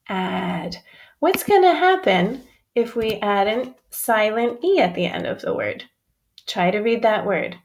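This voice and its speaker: Speaking in a mid-range voice, a woman teaches young kids phonics, sounding out each vowel with slow, clear care and addressing them as if they were her friends.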